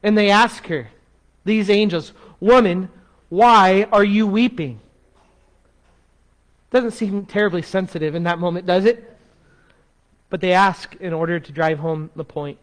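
Guy with a fairly high voice giving a sermon, expressive, goes soft and slow for emphasis. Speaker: pastor.

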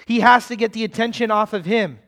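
High-voiced male preacher. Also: fairly even intonation, a little fast, a bit bright. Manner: conversational, asks the listeners questions. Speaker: pastor. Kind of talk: expository sermon.

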